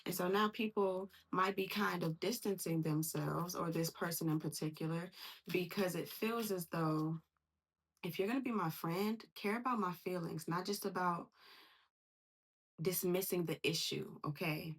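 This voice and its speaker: A woman with a husky, slightly low voice gives a casual tarot reading. She speaks in an animated, slangy way. She keeps acting out the voices of the people she quotes. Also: normal speed. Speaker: tarot reader.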